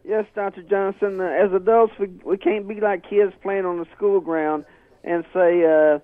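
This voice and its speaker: A male caller on a tinny phone line, speaking haltingly and folksily with lots of "uh"s. His voice sits high and stays flat, and the line sounds narrow and dry. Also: dry recording. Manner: halting, many fillers, folksy. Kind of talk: phone-in comment.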